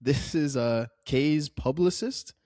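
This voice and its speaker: A man co-hosting a casual film review podcast, animated and quick to laugh, acting out lines from the movie. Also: a little high, no echo, studio quality. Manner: animated, laughs often, acts out quotes. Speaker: podcast co-host.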